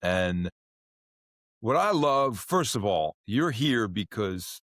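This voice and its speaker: A man's voice: on the low side, slow pace, no room sound, clean studio sound. Enthusiastic male podcast host. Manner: energetic, enthusiastic, repeats words. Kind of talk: casual interview.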